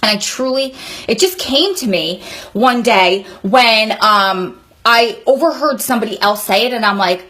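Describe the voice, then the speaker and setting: A woman's voice: on the high side, measured pace, bright, forceful tone. A woman in her thirties giving heartfelt, emphatic advice straight to her viewers in a vlog. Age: 30s. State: sweaty, hot room. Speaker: vlogger. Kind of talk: emotional advice monologue.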